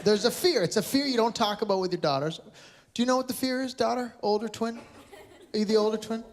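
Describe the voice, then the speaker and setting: A man's voice: high-pitched, fast. A man doing stand-up comedy on a theatre stage, teasing audience members in a playful way. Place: casino resort theatre stage. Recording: live show with crowd and background noise. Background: audience laughter.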